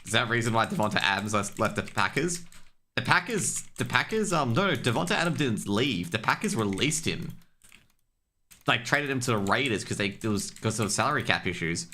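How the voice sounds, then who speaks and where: A young man rambles through a casual stream chat with a low but bright, edgy voice, dropping swear words and tripping over restarts. He gets louder and more worked up when he rants, while keys clatter faintly near his desk mic. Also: expressive, a little fast. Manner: rambling, profane and loose, many fillers and restarts.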